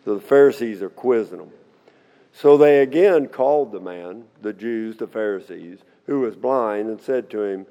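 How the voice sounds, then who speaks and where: A man's voice: fairly low pitch, normal speed, warm tone, muffled recording. A middle-aged man teaching the Bible in a folksy, conversational way, often checking in with "okay?". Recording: long hall reverb.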